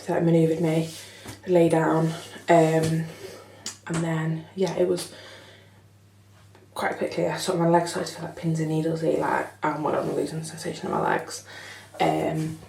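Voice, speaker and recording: A woman's voice: low voice, flat delivery, unhurried, vocal fry, dark tone, a little hiss or hum. A young woman telling her story in a chatty, frank vlog, swearing casually. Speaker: vlogger. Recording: echoey room, slightly far from mic.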